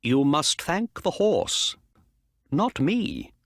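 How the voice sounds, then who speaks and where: A calm, clever detective, as a man puts him on, explaining in a raised voice with lively swings. The pace is very slow and the sound is close and dry. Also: fairly high pitch, no room sound, pitched above the performer's own voice, exaggerated voice. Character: calm clever male detective, middle-aged.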